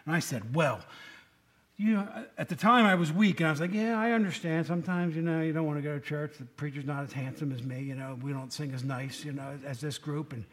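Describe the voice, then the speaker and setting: A man in his fifties, a preacher, giving a sermon in a relaxed storytelling way with folksy asides to the congregation. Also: fairly high pitch, a little fast. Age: 50s.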